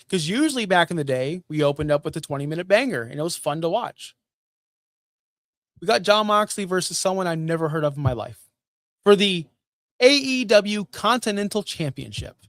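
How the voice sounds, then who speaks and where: Man, fairly high voice, ranting recap streamer, dry close sound, keeps repeating his points. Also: a little fast, long pauses, dry recording. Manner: animated, repeats points, asks rhetorical questions. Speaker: wrestling show recap host. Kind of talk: casual ranting commentary on a live stream.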